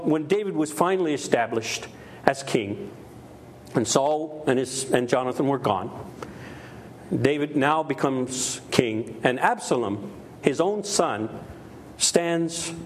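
A man's voice: medium pitch, expressive, slow pace, long pauses, a little hiss or hum. A middle-aged man preaching a sermon with emphasis, repeating key phrases and acting out quoted voices. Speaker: pastor.

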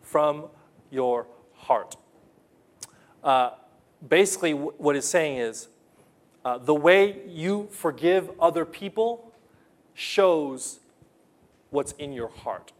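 Male pastor, sermon, slow delivery, slightly high voice, earnest, asks the congregation questions. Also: expressive.

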